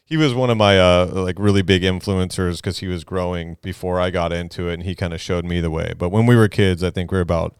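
A man's voice: low-pitched, fairly even intonation, fast talker, few pauses, clear, resonant tone, dry recording, clean studio sound. A middle-aged man, telling stories as a podcast guest in a loose, rambling way. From Southern California. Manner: laid-back, rambling, laughs through stories. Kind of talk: casual storytelling.

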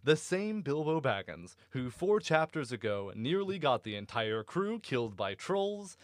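A man hosting a casual book podcast, animated and swearing freely, often breaking into laughter. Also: a little high, no room sound, studio quality. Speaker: podcast host.

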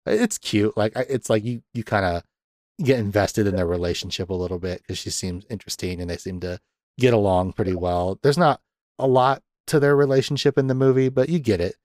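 A man's voice: fairly low pitch, fairly quick, no room sound, studio quality. A man hosting a podcast, casually retelling film scenes with lots of laughter and acted-out quotes. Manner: animated retelling, acts out quotes, laughs often. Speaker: podcast host. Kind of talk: casual movie discussion.

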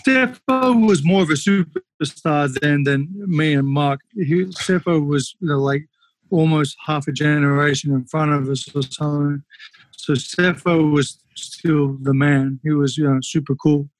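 A man, a former kickboxer, telling fight stories casually on a podcast, animated and swearing freely. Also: on the high side, unhurried, dry recording. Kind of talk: casual storytelling.

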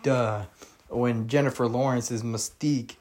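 A man's voice: mid-range voice, fairly even intonation, unhurried, a little mellow. A young man hosting a casual solo podcast, rambling and opinionated, with many fillers, restarts and some cursing. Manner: opinionated, with frequent mild cursing. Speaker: podcast host.

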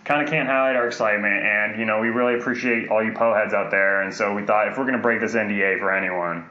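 A man co-hosting a podcast in casual, joking chat with deadpan asides. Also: fairly low pitch, fast talker, echoey room, lo-fi sound. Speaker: podcast co-host.

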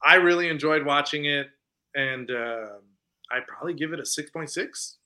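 Male podcast co-host, sharp bright tone, slightly high-pitched, animated storyteller. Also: moderate pace. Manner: animated retelling, acts out lines from scenes; conversational with many fillers. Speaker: podcast co-host reviewing films. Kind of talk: casual chat.

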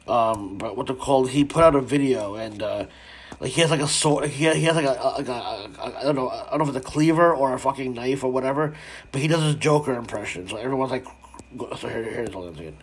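A man's voice: medium pitch, fast. A man hosting a casual commentary stream, ranting in a rambling way with lots of swearing, fillers and restarts.

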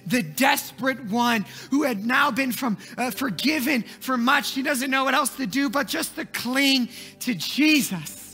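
A man preaching a sermon, telling the story dramatically, moving from hushed passages to shouting. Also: extremely high pitch, unhurried, soft background music.

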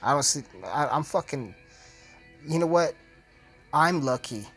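A man's voice: fairly high pitch, animated, a little slow, a bit bright, breathy edge, soft background music. A man hosting his podcast, ranting in a heated, profane, casual way. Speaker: podcast host.

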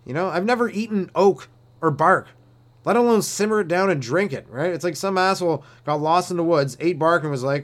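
A young man with a voice pitched a little high rants his way through a stand-up bit. He rambles, swears freely and slips into goofy put-on voices. The delivery is loose and conversational. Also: animated, quick pace. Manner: rambling, profane, acts out silly voices. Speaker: stand-up comedian. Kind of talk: solo comedy rant.

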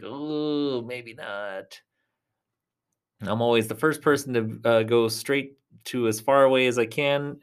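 Male podcast host, casual solo chat, slightly high voice, rambling and reassuring. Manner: rambling, chatty, talks straight to listeners with a reassuring tone.

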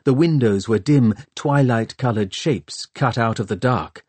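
Man reading an audiobook, slow and husky, dry close mic. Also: medium pitch, a little mellow, no echo. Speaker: audiobook narrator. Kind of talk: scripted audiobook narration.

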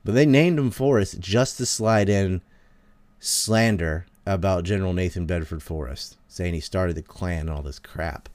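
A man rants heatedly to his listeners, swearing freely and mocking with sarcasm. His voice sits fairly low, and the sound is dry and close with no room echo. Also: moderate pace, darkish tone. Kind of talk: casual ranting monologue.

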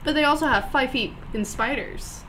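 A woman's voice: sits high, normal speed, background noise. A woman chatting casually with friends, giggling and filling her talk with "like" and "um". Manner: giggly, lots of fillers. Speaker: friend in group chat. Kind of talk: casual chat.

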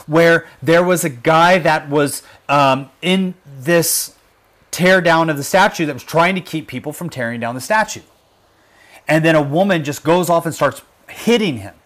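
Man, livestream host, fervent commentary, fairly high voice, emphatic. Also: unhurried. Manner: emphatic, drops to hushed intensity on serious points.

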